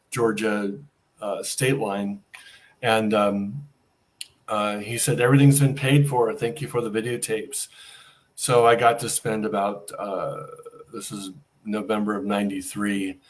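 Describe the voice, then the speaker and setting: A middle-aged man telling a personal story as an interview guest, acting out the dialogue he quotes. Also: lowish voice.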